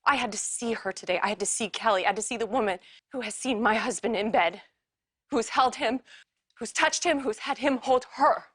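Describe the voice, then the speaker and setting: Vicky, a guilt-torn wife. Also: female voice, a little high, a little fast, fairly bright tone, breathy edge. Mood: furious, hurt. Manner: emotional, pleading, raw. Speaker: soap opera wife. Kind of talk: TV drama acting.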